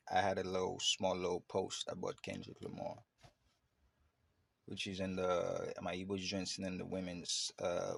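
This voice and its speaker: A man's voice: low voice, vocal fry, husky. A man hosting a podcast, talking in a loose, rambling way with many fillers and restarts. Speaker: podcast host. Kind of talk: casual reflective monologue.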